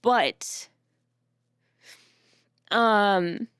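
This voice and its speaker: A young woman streaming, chatting casually with her viewers in a soft, rambling way, tearful and full of self-doubt. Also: mid-range voice, extremely slow, smooth, no room sound, clean studio sound.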